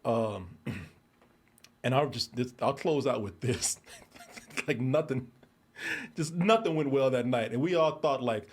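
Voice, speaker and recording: A man telling a story in casual chat, animated, laughing often and restarting his sentences. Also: mid-range voice, slow, pauses often. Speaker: show regular telling a story.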